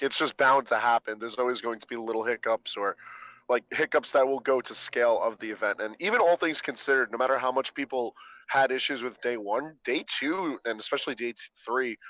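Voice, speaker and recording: Bright, dry-sounding man, easygoing. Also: mid-range voice, fairly quick, no echo, low-quality recording. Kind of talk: casual panel discussion.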